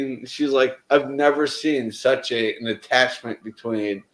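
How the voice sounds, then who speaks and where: A man's voice: mid-range voice, moderate pace, fairly bright tone, echoey room, poor audio. Man telling a story with many restarts. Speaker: guest telling a story in a group chat. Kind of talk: casual chat.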